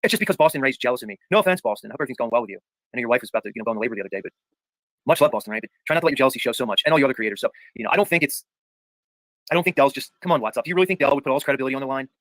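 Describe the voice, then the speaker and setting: Rapid-fire, emphatic livestream host man. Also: mid-range voice, animated, a bit bright, dry recording, rough recording. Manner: emphatic, peppers talk with "dude" and "bro"; argumentative, repeats points for emphasis. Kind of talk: casual livestream chat, reading viewer comments aloud.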